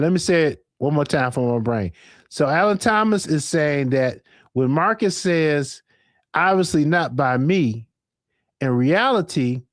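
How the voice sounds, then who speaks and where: A man hosting a late-night live stream, rambling, laughing and thinking out loud. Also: mid-range voice, dry recording, clean studio sound.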